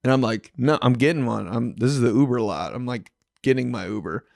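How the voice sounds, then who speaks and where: Young male storyteller, casual and animated, slangy, mid-pitched, dry close mic. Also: fairly quick, creaky, dry recording. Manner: animated, slangy, acts out quotes in a higher voice. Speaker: podcast host telling a story.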